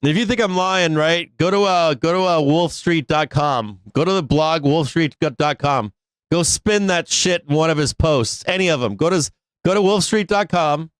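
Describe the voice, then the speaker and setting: A middle-aged man talks casually and bluntly, swearing often with a sarcastic edge, in a voice pitched a little high for a man. The recording is dry and close, with no room sound around him. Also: normal speed, smooth, no room sound. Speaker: live trading stream host. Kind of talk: casual live-stream rant.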